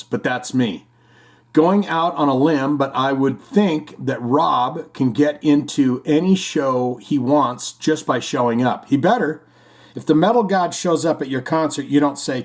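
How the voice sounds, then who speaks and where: A man hosting a casual music podcast, rambling and joking as he reads out listener comments. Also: mid-range voice. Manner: rambling, jokey, puts on silly voices for punchlines. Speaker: podcast host.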